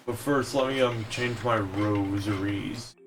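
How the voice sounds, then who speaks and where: Slow-talking joking game streamer. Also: male voice, fairly low pitch, steady tone, over music. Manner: joking, self-deprecating. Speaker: let's play streamer. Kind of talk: casual game commentary.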